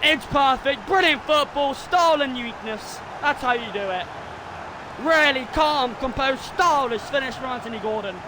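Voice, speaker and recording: A young man calls his own football video game in a very high voice. He rants about poor defending and yells when the goals go in, like a fired-up fan doing commentary. A clear layer of background noise runs under the stream. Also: lively intonation, normal speed. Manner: swings between frustrated ranting and shouted goal calls.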